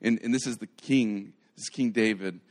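Man, preacher, live sermon, fairly low voice, conversational, animated storytelling, frequent restarts. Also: normal speed.

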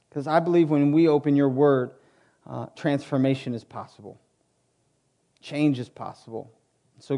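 A man pastor preaching a sermon in a church, moving from quiet prayer to impassioned teaching. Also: medium pitch, highs cut off. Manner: prays softly, then preaches with rising intensity. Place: church sanctuary.

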